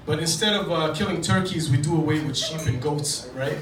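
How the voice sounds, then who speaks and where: A man's voice: a little high, a little fast, recorded from a distance, heavy background noise. A man from Djibouti doing a casual, profane stand-up routine in a comedy club. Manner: casual, profane, self-deprecating storytelling to a live audience. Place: comedy club stage with audience laughter. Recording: echoey club recorded from afar, loud ambience.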